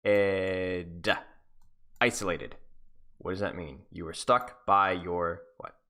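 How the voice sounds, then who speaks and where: A young man coaching a student through a video game replay in a playful, teasing way. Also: slow pace. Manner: animated, teasing, jumps between high and low.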